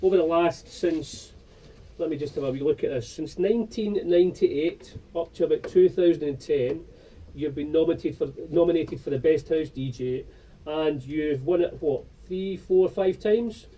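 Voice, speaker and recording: Male radio host, dark mellow voice, halting delivery, slightly off-mic. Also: on the high side, far from the mic, rough recording. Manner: halting, restarts questions often. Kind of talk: casual radio interview. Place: radio studio.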